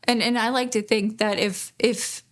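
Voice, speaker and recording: A woman speaking as a grieving mother in an interview, halting and pausing, restarting her sentences. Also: a little high, steady tone. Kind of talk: emotional interview testimony.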